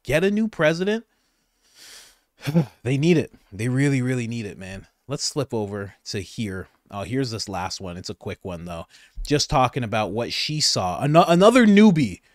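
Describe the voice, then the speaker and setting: A man delivering casual commentary on news clips, sarcastic and excitable, with his pitch rising and falling a lot. He rambles and restarts mid-sentence. The sound is dry and close to the mic. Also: moderate pace, dry recording. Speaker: host, political commentator.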